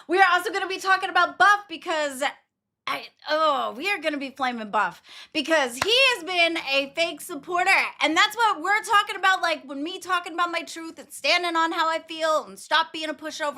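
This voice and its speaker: Young woman stream host, high and bright voice, blunt casual talker. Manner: blunt, swears freely, laughs often. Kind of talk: casual livestream chat.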